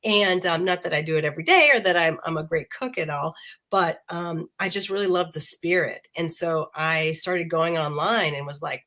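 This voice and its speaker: A woman's voice: low-pitched, normal speed, sharp tone. A woman, a panel guest just over the flu, chatting casually with many restarts. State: recovering from flu. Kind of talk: casual chat.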